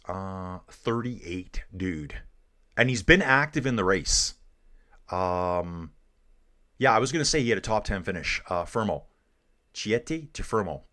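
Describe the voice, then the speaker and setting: This streamer's voice is on the low side and a bit bright. A middle-aged Canadian, he provides casual live cycling race commentary, chatting in a laid-back way and calling viewers guys and dude.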